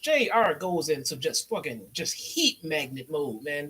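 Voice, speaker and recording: A man's voice: on the high side, huge pitch swings, unhurried, few pauses, bright, forceful tone, husky. A young adult man from the Chicago area giving a loose, sarcastic and profane wrestling review. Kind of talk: casual profane recap.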